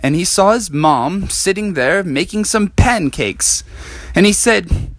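A man telling an improvised bedtime story in an animated, rambling way. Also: sits high, slow pace, no room sound.

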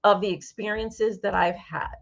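A woman's voice: mid-range voice, normal speed, gravelly, dull audio. A woman from Brooklyn, a sex coach, telling stories animatedly as an interview guest. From New York (Brooklyn). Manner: animated storyteller, voices other people in her anecdotes. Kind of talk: casual interview chat.

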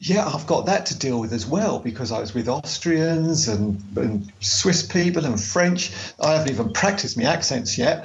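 A man chatting casually as a podcast co-host, animated and quick to laugh. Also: medium pitch, vocal fry, highs cut off. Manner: chatty, animated, laughs easily, slows down for a careful read-aloud. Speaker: podcast co-host and travel author.

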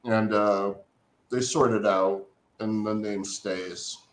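A man's voice: fairly low pitch, steady tone, slow pace. A man co-hosting a casual comic book chat, patiently explaining the story with fillers. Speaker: co-host. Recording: roomy echo.

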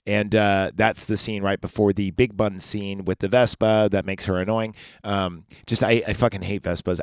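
A man with a lowish voice hosts a casual podcast, recorded with studio quality and no echo. He recaps a movie from memory, rambling into profane rants and asides.

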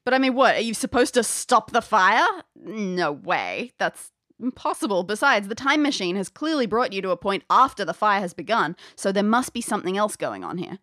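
A woman's voice: mid-range voice, very animated, moderate pace, fairly bright tone, no room sound, studio quality. A woman narrating an audio adventure game as game master, describing scenes playfully with chatty asides.

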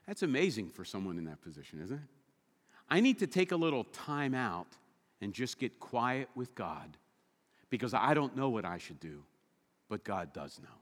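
A male pastor preaching a sermon with animated, humorous storytelling. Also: medium pitch, moderate pace, big-room sound.

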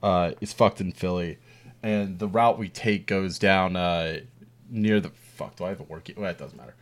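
A man's voice: low-pitched, moderate pace. A man talking as a guest in casual podcast chat, wry and sweary, trailing off mid-thought.

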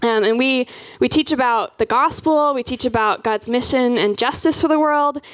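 Brief: young woman, campus missionary, chatty church talk, pitched a bit high, lots of ums. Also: moderate pace, a bit bright. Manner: chatty, frequent "um" and "like" fillers.

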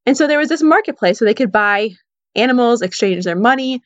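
A woman's voice: fairly high pitch, animated, brisk, dry recording. A woman giving a casual Bible teaching, retelling the story in a conversational way with frequent "you know" and "like". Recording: dull, dry sound.

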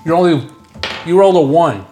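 A man's voice: on the high side, lively intonation, a little fast, reverberant, music in the background. A man playing a tabletop game in wry, joking banter. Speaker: player. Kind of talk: casual tabletop game chat.

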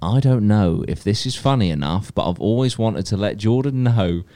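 A man's voice: lowish voice, expressive, normal speed, very noisy. A man hosting a podcast, bantering casually, swearing and laughing often with his friends. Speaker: podcast host. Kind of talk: casual chat.

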